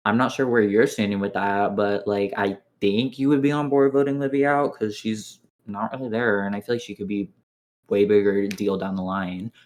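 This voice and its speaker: Young guy on voice chat, chatty retelling, lots of "like", acts out quotes. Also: on the low side. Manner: animated retelling, full of "like" and quoted dialogue. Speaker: player in an online strategy game. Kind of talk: casual voice chat storytelling. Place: online voice chat.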